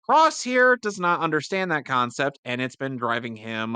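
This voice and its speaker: Co-hosting a casual reaction podcast, a man chats away, explaining plot details at length and agreeing often with "yeah." His medium-pitched voice is sing-song, sharp, clear, and resonant, at a normal speed. There's no room sound.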